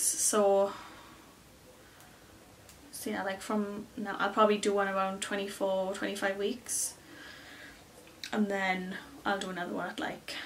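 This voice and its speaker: A woman's voice: mid-range voice, slight background noise. Chatty young Englishwoman, slightly distant mic. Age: early 20s. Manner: rambling, many fillers, excitable retelling. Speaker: beauty vlogger. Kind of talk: casual chatty storytelling to camera.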